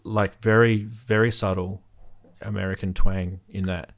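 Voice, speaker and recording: A man hosting a casual chat on a call, relaxed and agreeable, often saying yeah. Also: low-pitched, measured pace. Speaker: host of a synthesizer channel.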